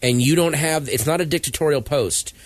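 A man's voice: a little high, fairly quick, dry recording. A middle-aged man chatting casually, chiming in with agreement and wry asides. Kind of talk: casual podcast chat.

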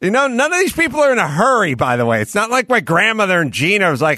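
A man hosting a casual comedy talk show, telling lively anecdotes and mimicking people. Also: high-pitched, fast, hardly any pauses, no echo, clean studio sound. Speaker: host.

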